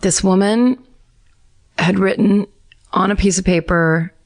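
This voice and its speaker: A middle-aged woman co-hosting a podcast, chatting loosely, laughing easily and reading listener letters aloud. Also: mid-range voice. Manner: chatty, rambling, quick to laugh. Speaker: podcast co-host.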